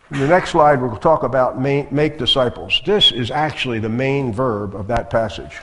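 A male guest preacher giving a sermon in a conversational, emphatic way, repeating key phrases. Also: fairly high pitch. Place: church sanctuary. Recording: long hall reverb.

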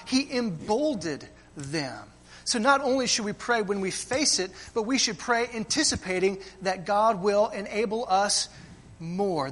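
High, bright-voiced preaching man. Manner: rhetorical questions, repeats "right?" and "friends". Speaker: pastor. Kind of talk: sermon.

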